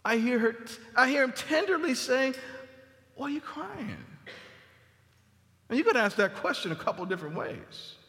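A man preaching a sermon in a church sanctuary in a conversational style, repeating phrases for emphasis and dropping to a soft murmur on tender lines. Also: very high voice, big pitch swings, a little fast, few pauses. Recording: long hall reverb.

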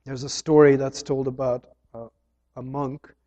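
A man preaching a sermon, earnest, rising loud on key phrases and dropping low between them. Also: flat delivery, measured pace. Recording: dull sound with long hall reverb.

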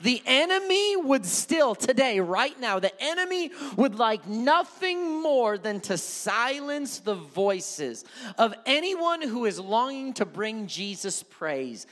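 Pastor guy preaching, high bright voice, gets loud, repeats himself, echoey church. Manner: builds from soft to shouting, repeats phrases. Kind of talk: sermon. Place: church sanctuary.

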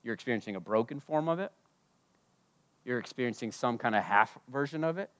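A man preaching a sermon at a church service, impassioned, swinging between loud declarations and hushed asides. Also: mid-range voice, animated, fairly quick. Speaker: pastor.

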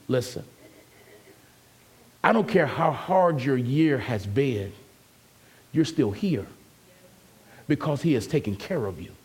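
A man's voice: medium pitch, expressive, slow pace, pauses often, slightly rough. A man preaching an emphatic, conversational sermon as a pastor and calling out to his congregation.

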